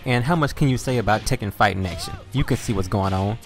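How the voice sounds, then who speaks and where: A man's voice: lowish voice, quick pace, music in the background. Laid-back Southern man telling stories. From Louisiana, Southern United States. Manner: laid-back, profane, animated retelling. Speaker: gaming video host. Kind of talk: casual storytelling over gameplay.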